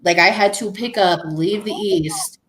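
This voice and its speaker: A woman's voice: mid-range voice, a little slow, a bit bright. A middle-aged woman guest in a casual chat, speaking earnestly and from the heart, with many "like"s. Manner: earnest, heartfelt, filler-heavy. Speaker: show guest.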